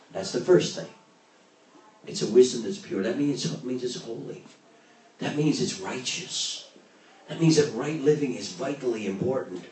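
A man preaching a sermon as pastor, swinging from loud, raised exhortation to low, quiet emphasis. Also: a little hiss or hum. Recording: roomy, distant mic with faint ambience.

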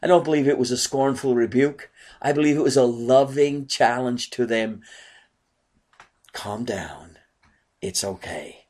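Male preacher, mid-pitched voice, earnest sermon delivery full of rhetorical questions. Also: steady tone, normal speed, a little mellow.

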